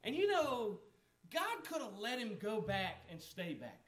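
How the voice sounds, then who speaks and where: A man's voice: high voice, wildly swooping pitch, unhurried. A man preaching a sermon as a pastor, talking conversationally, asking the congregation questions and acting out the lines of the people in the story.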